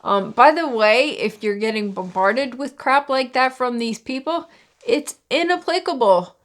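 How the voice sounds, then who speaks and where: A woman's voice: a little high, expressive, a little slow. A young woman talking candidly to camera in a personal vlog, with lots of fillers and sarcastic asides. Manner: candid, frequent "like" and "you know", sarcastic asides. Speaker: vlogger.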